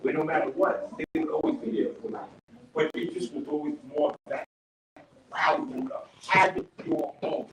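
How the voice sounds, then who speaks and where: Lively high-voiced man in his fifties. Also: moderate pace. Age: 50s. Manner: rambling, restarting often, laughing at his stories. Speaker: panelist. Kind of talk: casual panel talk. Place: barbershop. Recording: echoey room, distant mic, noisy.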